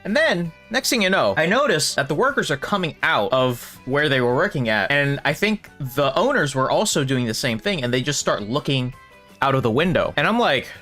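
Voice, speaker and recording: A man telling a storytime vlog, expressive and animated, swearing and laughing as he goes. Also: on the high side, moderate pace. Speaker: streamer and video creator. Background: faint background music.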